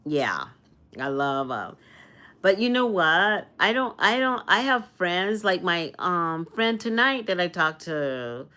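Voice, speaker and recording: Slow, low-voiced woman chatting live. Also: very animated, sharp tone. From Arizona. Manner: rambling and earnest, often repeats phrases and restarts; spiritual, uplifting talk about energy and self-love. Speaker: live streamer. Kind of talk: casual livestream chat with viewers.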